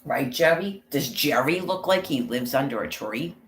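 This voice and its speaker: A man's voice: medium pitch, expressive, moderate pace, fairly bright tone, roomy sound, rough recording. A man vlogging on a walk, talking in a rambling, profane monologue and calling out viewers by name. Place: outdoors on a walk.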